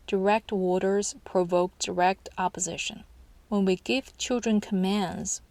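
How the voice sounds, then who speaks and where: A woman narrates a parenting book summary with calm, steady instruction. Her voice is mid-pitched and sits close and dry on the mic, with no room around it. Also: dry recording.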